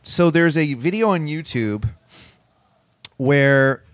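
A man's voice: on the high side, expressive, slow, no echo, clean studio sound. A man hosting a comedy podcast, rambling through a story with lots of "um"s and frequent laughter. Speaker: podcast host. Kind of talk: casual comedic chat.

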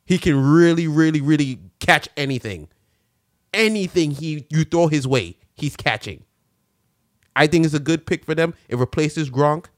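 A man co-hosting a casual sports chat, loud and animated, joking around and swearing freely. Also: fairly high pitch, moderate pace, no echo, studio quality. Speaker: sports podcast co-host.

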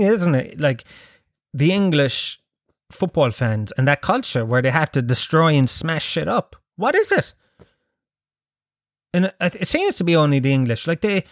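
A man's voice: fairly high pitch, dry recording, studio quality. An Irish man hosting a show, riffing through a casual monologue of profane, joking, rambling banter. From Ireland.

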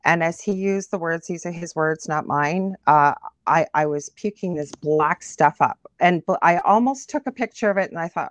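A woman's voice: lowish voice, moderate pace, no echo. A woman from Canada, a guest medium, vividly recounting a story in a conversational interview. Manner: animated, vivid retelling.

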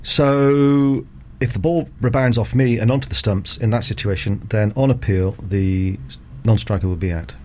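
A middle-aged man, a cricket umpire guest on a radio interview, explaining rules in a measured, methodical way with frequent ums and uhs. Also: on the low side, fairly even intonation, darkish tone, a little hiss or hum.

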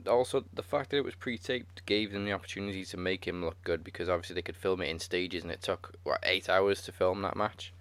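A man's voice: low voice, fairly even intonation, fairly quick, few pauses, fairly bright tone, no echo. A man, chatting casually as a podcast co-host and dropping dry, joking asides. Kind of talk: casual chat.

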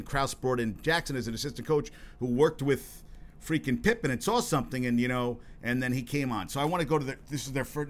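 A man hosting his own solo podcast, talking in a rambling, profane way with lots of restarts and getting worked up as he goes. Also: mid-range voice. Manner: worked up and emphatic. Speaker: podcast host.

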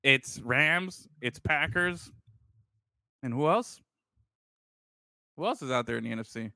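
A man's voice: mid-range voice, lively intonation, unhurried, vocal fry, pushed and bright, dry recording. A man co-hosting a casual sports podcast, rambling and swearing freely, calling his friends bro. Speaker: podcast co-host.

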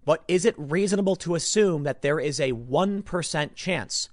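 Man from Chicago, solo commentator, emphatic and rambling, lively pitch, dry close sound. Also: normal speed, no room sound. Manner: emphatic, rambling, repeats words. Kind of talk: opinionated news commentary monologue.

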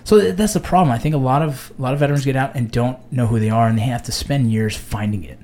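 Fast-talking blunt, swearing veteran man. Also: medium pitch. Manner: blunt, swears a lot, animated storytelling. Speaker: podcast host, army veteran. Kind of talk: casual chat.

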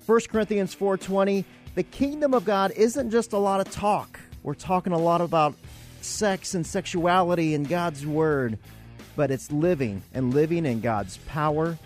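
A woman's voice: lowish voice, normal speed, a little mellow, faint music behind. A woman hosting a Christian radio interview, asking the guest questions and signing off the show. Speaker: radio host.

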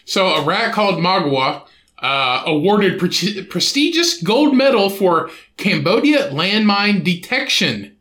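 A man's voice: high voice, big pitch swings, slow pace, pushed and bright, echoey room. A man co-hosting a podcast, reading out news stories with profane, laughing banter. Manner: profane, laughing, riffs on absurd ideas. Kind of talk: crude casual podcast banter.

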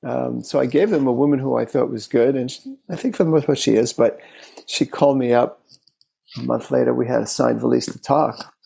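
A man who works as a therapist, recounting a case as an interview guest in an unhurried, thoughtful way, speaking in short phrases. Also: medium pitch, creaky, mellow, husky, rough recording. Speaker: therapist and relationship expert.

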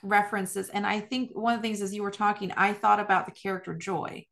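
A woman's voice: medium pitch, flat delivery, brisk, creaky, fairly bright tone. Agreeable woman host in conversation. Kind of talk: casual faith conversation.

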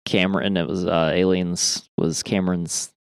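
A man with a fairly low voice rambles through casual film talk, full of fillers and the odd swear. The sound is dry and close. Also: flat delivery, moderate pace, vocal fry, clear, resonant tone, no echo. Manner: rambling, many fillers, swears and laughs easily. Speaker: podcast co-host. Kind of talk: casual chat.

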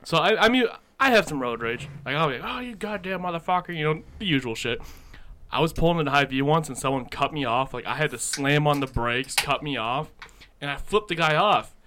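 A young man co-hosting a casual morning podcast, telling stories loudly with lots of swearing and laughter. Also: on the high side, lively intonation, brisk, a little hiss or hum. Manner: loud, laughing, swears a lot. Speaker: podcast co-host. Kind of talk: casual chat.

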